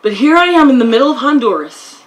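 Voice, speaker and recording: A woman's voice: sits high, lively intonation, quick pace, low-quality recording. A woman from Canada giving a heartfelt, storytelling speech at an outdoor field ceremony. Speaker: guest speaker.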